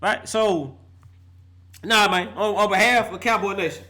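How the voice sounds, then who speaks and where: A man's voice: high voice, unhurried, pushed and bright. A middle-aged man ranting as a fan vlogger, fired up and laughing, heavy on slang and repeating himself for emphasis. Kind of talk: animated fan rant.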